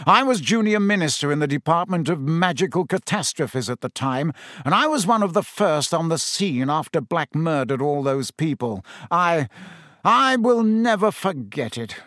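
A man's voice: on the high side, sing-song, normal speed, fairly bright tone, no echo, clean studio sound. A man doing a pompous, shaken government minister. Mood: sharp. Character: pompous middle-aged male minister, self-important but shaken.

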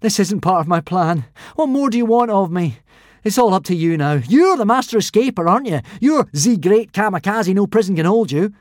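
A man voicing a clever, wry young Viking boy hero in a storybook, sounding confident and quick. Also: sits high, lively intonation, no room sound, clean studio sound, voice pushed up. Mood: exasperated.

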